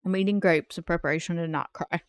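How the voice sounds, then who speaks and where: A woman's voice: fairly low pitch, fairly even intonation, fast, smooth, no room sound, clean studio sound. A woman game streamer chatting casually with her viewers in a playful, teasing way and laughing often. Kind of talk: casual live-stream chat.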